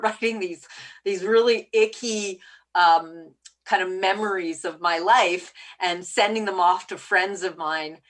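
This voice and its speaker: A woman with a Canadian accent hosts a casual podcast interview, rambling and using lots of fillers. Her voice is mid-range and a bit bright.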